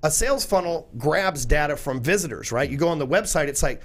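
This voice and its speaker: A man's voice: on the high side, lively intonation, fast talker, hardly any pauses. A man, a podcast guest talking in a blunt, profane, salesy way. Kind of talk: casual chat.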